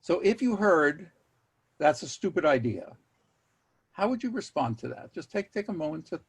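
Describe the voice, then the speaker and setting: Husky-voiced man leading a workshop. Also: high-pitched, big pitch swings. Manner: measured, wry asides, repeats key words for emphasis. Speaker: workshop presenter. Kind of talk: online workshop talk. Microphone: video call.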